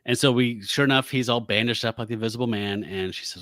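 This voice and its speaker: A man's voice: mid-range voice, a bit bright, dry recording. Chatty man recapping a comic, dry sound. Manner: reads out comic dialogue in quick put-on voices, laughs often. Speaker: podcast co-host. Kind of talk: casual comic book discussion.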